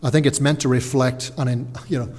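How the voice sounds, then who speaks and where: A man preaching a sermon, earnest and slowing down to stress key words. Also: medium pitch, fairly even intonation, a little mellow, husky. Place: church. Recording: church hall reverb.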